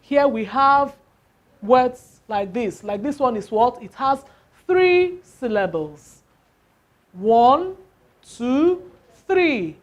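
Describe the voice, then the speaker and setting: A woman teaching a lesson, asking questions and answering them herself, stretching out example words. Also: fairly high pitch. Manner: slow, drawn-out emphasis on example words. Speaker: English teacher. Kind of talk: classroom lesson.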